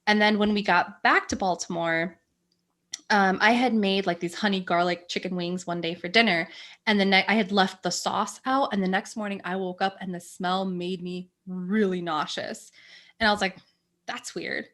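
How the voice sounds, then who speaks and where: A young woman telling her birth story in a casual chat, animated and laughing often. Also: medium pitch, moderate pace. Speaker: podcast guest sharing a birth story.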